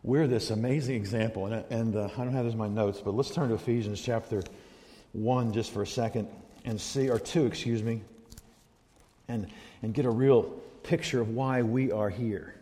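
Animated male pastor in echoing hall. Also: medium pitch, normal speed. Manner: animated, swings from loud emphasis to quiet asides. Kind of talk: sermon. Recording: long hall reverb.

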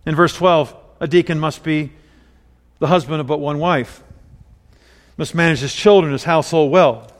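A man delivers a sermon in an easy, storytelling way, weaving personal anecdotes into scripture. His voice sits slightly high for a man. The sound carries a long hall reverb. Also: normal speed, pauses often. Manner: conversational preaching with personal anecdotes. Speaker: pastor.

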